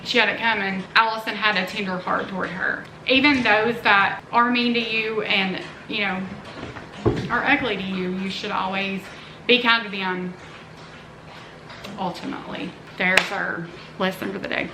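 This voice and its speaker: Speaking at a normal speed with fairly even intonation, a middle-aged woman talks to her vlog viewers in a mid-range voice. As a family vlogger and mother, she's casual and earnest, with rambling asides. There's a roomy echo and a little background noise.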